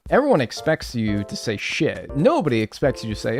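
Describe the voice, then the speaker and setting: Lively, rambling male game streamer. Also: medium pitch, brisk, faint music behind. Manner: rambling, animated and joking. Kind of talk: casual live-stream gaming chat.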